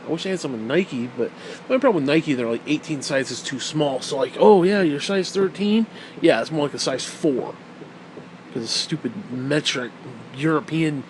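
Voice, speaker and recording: Profane rambling man, slightly high voice. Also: slight background noise. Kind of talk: casual rant.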